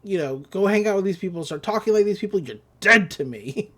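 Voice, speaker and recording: A podcaster voicing a grumpy old cartoon great-uncle with quick, offhand mockery. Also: mid-range voice, animated, fairly bright tone.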